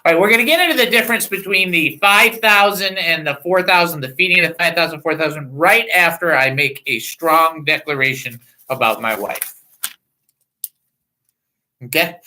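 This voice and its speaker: A man's voice: fairly high pitch, moderate pace, poor audio. A man hosting a Christian call-in radio talk show, joking and laughing as he talks from a studio microphone. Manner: animated, laughing, joking asides.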